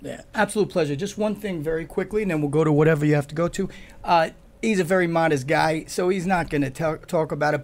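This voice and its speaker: A police officer who is a guest on a talk show, telling stories in an excitable, jokey way. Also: male voice, on the high side. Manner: excitable, jokey, gets loud when telling a story. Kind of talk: animated storytelling on a talk show.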